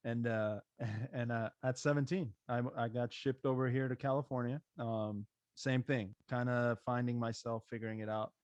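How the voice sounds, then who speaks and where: A male podcast host from Maryland talks in an earnest, halting way and often restarts his sentences. His voice sits in the middle range. The room sound is dry and close, with no echo. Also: mid-range voice, steady tone, darkish tone, dull audio. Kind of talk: casual podcast conversation.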